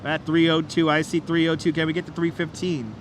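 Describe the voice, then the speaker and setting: Out on a city bridge, a man runs a live walking tour, urging viewers on with repetitive, playful auctioneer hype over the likes. He talks quickly in a fairly high, level voice. His wireless clip-on mic picks up slight background noise outdoors.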